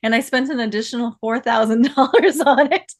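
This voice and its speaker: On a casual podcast, a woman guest who is an artist and builder talks briskly in a highish voice. Her storytelling is chatty, peppered with frequent laughter and restarted sentences.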